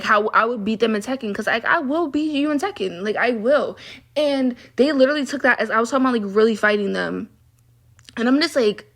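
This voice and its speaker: A young woman telling stories in a casual vlog rant, frank and exasperated, with lots of "like" fillers. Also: fairly high pitch. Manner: frank and exasperated, heavy use of "like". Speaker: vlogger.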